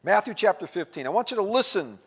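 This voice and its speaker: A man's voice: high voice, very animated, quick pace, breathy edge. Man preaching a sermon in a reverberant church. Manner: conversational, rhetorical questions, wide swings in loudness. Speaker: pastor. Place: church sanctuary. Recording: church sanctuary with long reverb.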